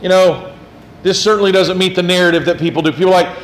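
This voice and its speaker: A preacher with a fairly high voice delivers an animated sermon. He acts out quotes and keeps checking in with the crowd. His voice echoes around a roomy hall over faint room noise. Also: fast talker.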